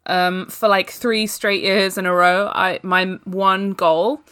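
A woman's voice: medium pitch, flat delivery, slow, fairly bright tone. A woman co-hosting a casual book club podcast, telling a story with frequent giggles and ums. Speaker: podcast co-host.

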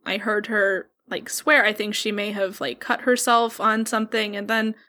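A woman's voice: mid-range voice, flat delivery, moderate pace, bright, forceful tone, lightly acted. A woman voicing a nervous male museum worker who hesitates a lot. She barely changes her own voice for him. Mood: flustered. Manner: hesitant, full of ums and uhs.

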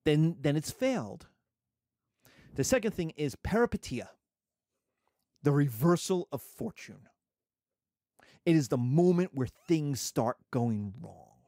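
A man in his fifties lectures a class in a high, very lively voice that swoops around constantly. He is jokey and digressive, and the sound is dry and close. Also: slow, pauses often, dry recording. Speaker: teacher.

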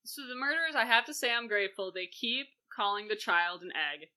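A woman co-host chatting casually about a play with a bright, forward tone. She gushes over the parts she loves and slips in sarcastic asides. Her delivery is animated throughout. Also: medium pitch, brisk. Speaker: podcast co-host.

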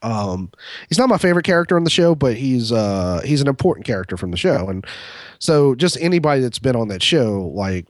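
A man's voice: medium pitch, sing-song, brisk, no echo, clean studio sound. A man co-hosting a podcast, telling a long story in a rambling, profane way, full of fillers and restarts. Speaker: podcast co-host. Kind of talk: casual storytelling chat.

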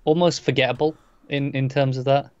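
A man's voice: mid-range voice, steady tone, a little fast, darkish tone, no echo, muffled recording. A man chatting casually about a TV episode, adding dry, nitpicking asides. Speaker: podcast co-host. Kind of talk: casual TV recap chat.

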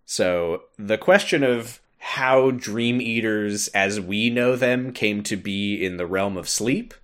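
A man hosting a podcast, recapping a game in an animated storytelling way. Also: on the low side, takes it slowly. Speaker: podcast host.

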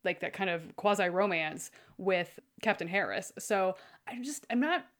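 A woman in casual conversation who talks animatedly, acting out quoted lines with big jumps in pitch. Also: lively intonation, normal speed. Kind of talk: casual chat.

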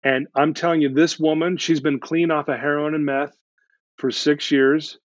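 Man, earnest storyteller, slightly high voice, restarts often, dry lo-fi recording. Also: little pitch movement, moderate pace, no room sound. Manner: earnest, retells conversations with frequent restarts. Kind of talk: storytelling in conversation. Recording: dull lo-fi dry sound.

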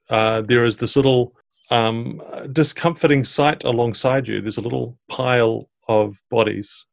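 A man, narrating a tabletop game podcast as dungeon master in a measured storytelling way. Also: on the low side, gravelly.

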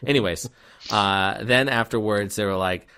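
A man's voice: on the low side, normal speed, sharp tone, smooth. A man casually recapping a movie plot, rambling with fillers and restarts and acting out the characters' lines.

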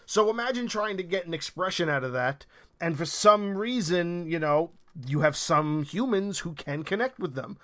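A man casually retelling a TV scene, rambling and excited, swearing now and then. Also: on the high side, moderate pace. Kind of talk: casual recap of a TV show.

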